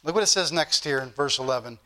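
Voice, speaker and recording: A man's voice: medium pitch, quick pace, sharp tone. A man preaching a fervent sermon, repeating phrases and calling out to the brethren. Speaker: pastor.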